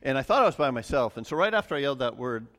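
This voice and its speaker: Speaking at a racing clip in a mid-range voice, this middle-aged pastor delivers an easygoing sermon full of personal farm tales mixed with scripture. He keeps it conversational and self-deprecating, restarting often, using lots of fillers, and laughing at himself.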